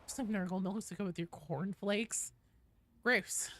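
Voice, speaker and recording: A woman's voice: mid-range voice, a little slow, a bit bright. A young woman with a West Coast American accent chatting casually and rambling while streaming a game, swearing now and then. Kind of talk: casual gaming livestream chat.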